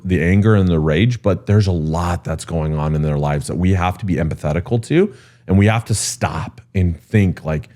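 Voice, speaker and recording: Low-voiced man telling a candid story. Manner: animated storyteller who jumps high when quoting people; frequent fillers like um and you know. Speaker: guest, real estate executive.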